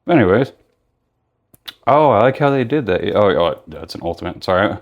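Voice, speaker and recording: A man with a slightly low voice talks through a toy unboxing in a loose, rambling way. He sounds tired, filling gaps with "like" and correcting himself as he goes. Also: very animated, a little fast, highs cut off. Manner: rambling, filler-heavy, self-correcting. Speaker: toy reviewer. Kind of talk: casual unboxing vlog.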